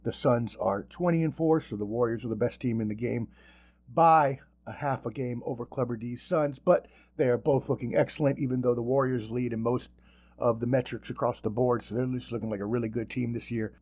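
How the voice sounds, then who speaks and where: A man hosting a podcast in casual sports chat, animated and profane, with mocking asides. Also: mid-range voice, a little fast. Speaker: podcast host.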